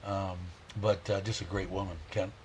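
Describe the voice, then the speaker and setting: A man hosting a casual livestream, rambling warmly, chuckling and reading viewer comments aloud. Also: sits low, flat delivery, moderate pace, slight background noise. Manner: heartfelt, chuckles often. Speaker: livestream host.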